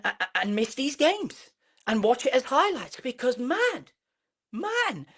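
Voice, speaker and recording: A man ranting on a live football reaction stream, animated and mocking, swearing freely. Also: very high voice.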